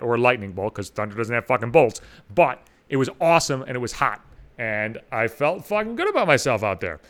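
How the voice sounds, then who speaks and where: A man hosting his own podcast, ranting in a profane comic monologue with lots of swearing. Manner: rants with heavy swearing, animated swings in pitch. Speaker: podcast host.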